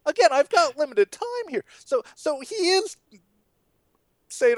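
Picture a man co-hosting a church podcast who talks high and animated, bouncing up and down in pitch as he acts out the people in the story. The sound is dry and close, with no room around it. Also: unhurried, long pauses, no room sound. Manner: animated, acts out voices with big swings in pitch. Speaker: pastor and podcast co-host. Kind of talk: animated Bible discussion.

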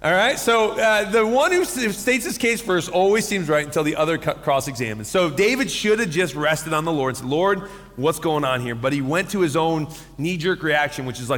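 A man preaching with a high, bright-sounding voice that carries through a large church hall with a long reverb tail. He tells stories animatedly, acting out quotes and laughing as he goes, in a warm pulpit sermon style. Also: lively intonation, moderate pace. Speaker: pastor.

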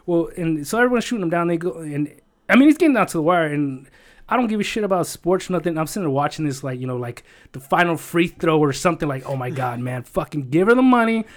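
A man's voice: a little high, fast. A man in casual chat, telling a long rambling story with lots of swearing, fillers and emotion.

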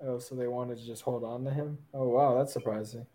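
A man's voice: mid-range voice, a little fast, low-quality recording. Man, podcast co-host, easygoing, laughs often, sports chat. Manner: laughs easily, relaxed reactions. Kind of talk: casual chat.

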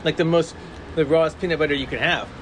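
A man's voice: a little high, quick pace, fairly bright tone, slight background noise. A man casually chatting as a podcast co-host, playful and argumentative, laughing often. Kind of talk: casual chat.

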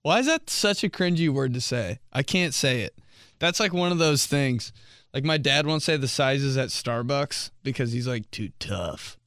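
A podcast host with a mid-range voice speaks at a moderate pace in a dry, studio-quality recording. Animated and jokey, he laughs often while casually reading listener submissions.

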